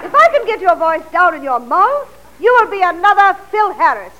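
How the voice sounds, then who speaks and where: A woman's voice: extremely high pitch, sing-song, normal speed, a loud crowd, very noisy. An actress playing a pompous, theatrical female singing teacher in a radio comedy. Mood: grandiose.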